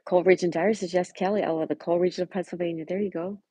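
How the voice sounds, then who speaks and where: A woman with a low, husky voice hosts a relaxed livestream, reading out viewers' comments and greeting them one by one. The sound is dry and close, with no room echo. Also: fast talker. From Buffalo, New York. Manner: greets viewers by name and chats back warmly. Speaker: livestream host. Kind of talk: casual live chat, reading viewer comments aloud.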